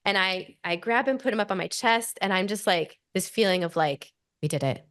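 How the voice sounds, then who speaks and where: A woman in her forties with an Australian accent, a podcast guest telling a personal story in an animated way, full of "like" fillers. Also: medium pitch, a little fast, no room sound, clean studio sound. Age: 40s.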